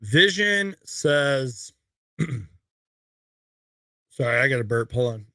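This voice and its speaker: Bright-voiced chatty young man hosting a stream. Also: medium pitch, lively intonation, slow pace, no echo. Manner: chatty, reads viewer questions, rambling asides. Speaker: live stream host. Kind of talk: casual live Q&A stream. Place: home room with shelves of collectibles.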